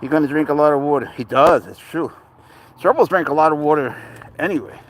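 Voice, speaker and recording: Guy talking to his cat on a walk, kinda high voice, soothing, bit of street noise. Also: fairly quick. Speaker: pet vlogger. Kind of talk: casual vlog talk to camera and pet. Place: outdoors, walking near a cemetery.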